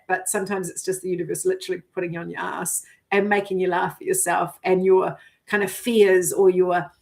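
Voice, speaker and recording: A middle-aged woman telling her own story in a loose, chatty vlog. Her voice sits at an ordinary pitch for a woman. She is animated and giggly, swears offhandedly, and quotes her own thoughts aloud as she goes. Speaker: vlogger. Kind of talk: casual personal storytelling.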